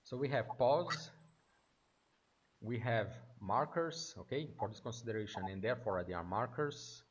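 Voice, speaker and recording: A man's voice: mid-range voice, animated, moderate pace, muffled recording, a little hiss or hum. A Brazilian man teaching aviation English, patiently explaining and checking in with "okay?" often. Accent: Brazilian Portuguese. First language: Portuguese. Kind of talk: one-on-one online lesson.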